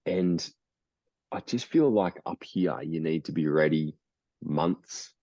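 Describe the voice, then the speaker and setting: A man's voice: very deep voice, animated, slow pace, dark tone, no room sound, muffled recording. A young Australian man co-hosting a podcast, chatting casually and rambling, laughing often. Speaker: podcast co-host. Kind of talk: casual chat.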